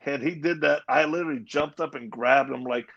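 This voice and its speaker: Guy with a gravelly husky voice telling his faith story, kinda muffled lo-fi sound, acts out the quotes. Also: fairly high pitch, fairly quick, fairly bright tone. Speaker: interview guest. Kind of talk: personal testimony in conversation. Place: live event at a Christian coffee house.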